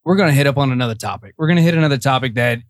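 A man's voice: lively intonation, very fast, no echo, studio quality. A man co-hosting a podcast, bantering casually and pushing listeners to share the show. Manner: laughing, pushy promo pitch. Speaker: podcast co-host.

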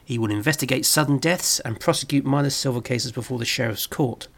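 A man presenting a scripted review of old television, speaking in a measured way with wry asides. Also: medium pitch, creaky, fairly bright tone. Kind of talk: scripted narration.

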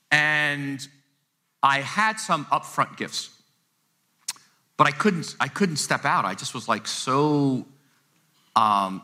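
A man's voice: medium pitch, sharp tone. A male pastor preaching a conversational sermon to his congregation in a church sanctuary, emphatic and prone to repeating words as he presses a point. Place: church sanctuary, live service.

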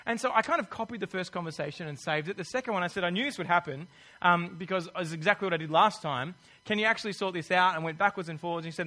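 A man preaches a sermon, telling a story in a lively way and acting out each person in it. His voice sits fairly high for a man. It has a bright, forceful edge. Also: quick pace. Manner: animated storytelling, acts out the people he quotes.

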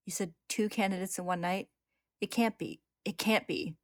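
A woman's voice: medium pitch, normal speed, dry recording, studio quality, close to an everyday voice. A woman voicing a distraught female lieutenant who speaks in a shaky, pleading way.

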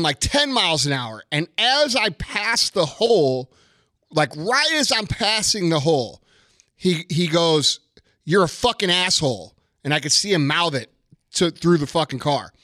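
A young man telling a story and ranting to his listeners, heated and profane, building into a forceful lesson. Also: fairly high pitch, no echo. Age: young adult.

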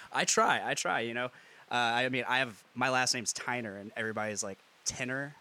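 A man's voice: medium pitch, normal speed, sharp tone. Rambling man hosting a podcast. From US Midwest. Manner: rambling, chuckling, loose and joking. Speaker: podcast host. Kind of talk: casual chat.

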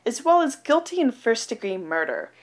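Her voice sits a little high and has a sing-song lilt, moving at a normal speed. As a podcast co-host in a casual conversation, she chattily retells a film plot, giggling and using lots of fillers along the way.

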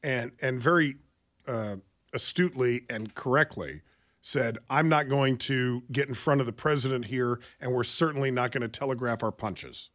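A man's mid-range, fairly bright voice carries talk radio news commentary at normal speed. As a radio co-host in the studio, he speaks earnestly and leans on frequent fillers.

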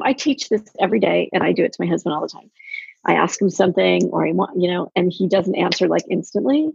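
Woman with a raspy gravelly voice, chatty coach vibe, kinda dull lo-fi sound. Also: lowish voice, fairly quick, no room sound. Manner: animated storyteller, acts out quotes. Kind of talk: casual podcast chat.

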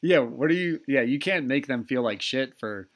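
A man's voice: medium pitch, lively intonation, moderate pace, slight background noise. A man hosting a casual podcast, joking, laughing and swearing freely. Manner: laughing, profane, joking banter. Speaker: podcast host.

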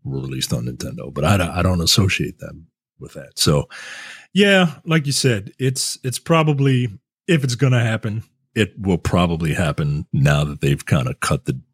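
A man in his thirties with a low, husky voice, recorded dry and close. He co-hosts a casual podcast and talks in a hesitant, wry way, full of fillers and restarts. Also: normal speed, dry recording. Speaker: podcast co-host. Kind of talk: casual chat.

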